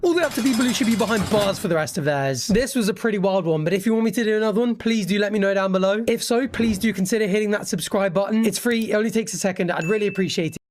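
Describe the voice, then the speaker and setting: A man's voice: high voice, racing, few pauses, a little hiss or hum. A man narrating a reaction video with dry, sarcastic jokes. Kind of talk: scripted commentary with jokes.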